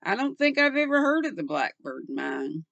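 A woman's voice: medium pitch, moderate pace, creaky, dry recording, muffled recording, pitched above the performer's own voice. Older woman reading as a cool, amused young woman. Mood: composed. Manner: calm, guarded, faintly amused.

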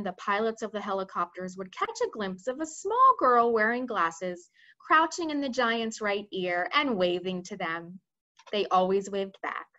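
A woman reading a children's book aloud with expressive storytelling. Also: mid-range voice, muffled recording. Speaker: reader.

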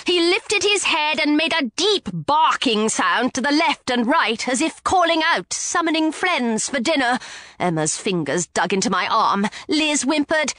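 A woman narrating an audiobook in a lively first-person storytelling manner. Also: high-pitched, no room sound, studio quality. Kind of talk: scripted narration.

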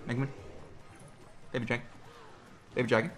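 A young man giving excitable, jokey running commentary on his own gameplay, talking to himself as he plays. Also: mid-range voice, brisk, music in the background. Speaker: gaming creator.

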